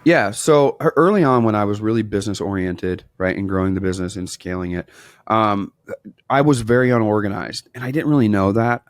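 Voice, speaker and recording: A man in his thirties from Wisconsin, a business owner talking as a podcast guest, telling animated stories and acting out the dialogue. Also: lowish voice, fairly quick, dry recording, studio quality. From Wisconsin, USA. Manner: animated storyteller, acts out quoted dialogue. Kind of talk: casual interview storytelling.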